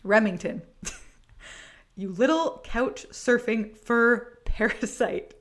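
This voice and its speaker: A woman's voice: a little high, takes it slowly. A woman voicing a stern, protective male judge who scolds in a mock-serious tone. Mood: scolding.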